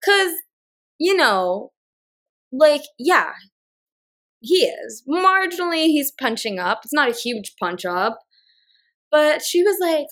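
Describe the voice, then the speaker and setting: A woman co-hosting a podcast in casual chat, rambling with lots of filler words and getting animated when she retells a scene. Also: high-pitched, slow, pauses often. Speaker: podcast co-host.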